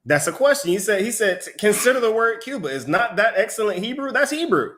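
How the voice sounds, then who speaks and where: A man teaching a Bible study, explaining the text in an animated way and often asking "right?". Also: high voice, a little fast. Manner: animated, asks rhetorical questions, repeats "right?". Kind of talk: sermon-style teaching with a reader.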